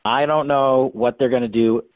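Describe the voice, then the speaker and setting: A man's voice: medium pitch, fairly even intonation, moderate pace, no room sound. Man, interview guest on a dry, phone-like line; emphatic, argumentative delivery. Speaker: guest, former congressional investigator. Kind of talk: political commentary interview.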